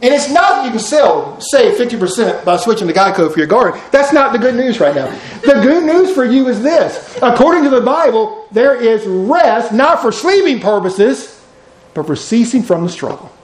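Animated preacher man, echoey. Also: very high voice, moderate pace. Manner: animated preaching, swings from loud to hushed, folksy asides. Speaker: pastor. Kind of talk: sermon.

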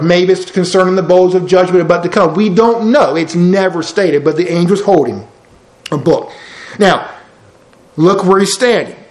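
A man preaching a sermon, folksy and emphatic, with lots of rhetorical questions. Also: high voice. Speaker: pastor. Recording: roomy church hall sound.

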